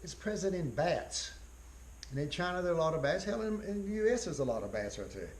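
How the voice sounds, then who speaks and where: A man giving a college biology lecture in a folksy way, repeating key phrases, spelling out terms slowly and often clearing his throat. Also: a little high, animated, rough recording.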